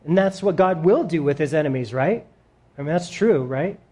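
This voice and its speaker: A man's voice: fairly high pitch, expressive, normal speed, warm tone, breathy edge. A male pastor preaching a sermon in a casual, emphatic way, breaking down a Bible passage.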